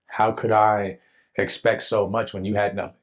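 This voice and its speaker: A young man shares his testimony in an interview. He tells it earnestly, with lively asides and frequent "you know" and "right?". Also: lowish voice, normal speed. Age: young adult. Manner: earnest, animated storytelling with many "like" and "right?". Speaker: interview guest sharing a testimony. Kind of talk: emotional personal testimony.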